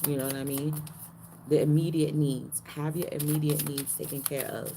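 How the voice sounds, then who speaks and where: A woman with a low voice gives a spiritual card reading in a loose, slangy way, repeating lines as she goes and jumping up in pitch for emphasis. Steady background noise runs beneath her voice. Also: moderate pace, vocal fry. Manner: slangy, repeats phrases, animated pitch jumps. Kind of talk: casual card-reading livestream.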